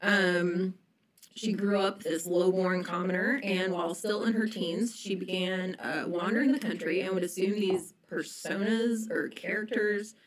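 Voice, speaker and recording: A woman's voice: medium pitch, steady tone, unhurried, poor audio. A young woman telling a history story on a casual podcast, chatty and full of ums and likes.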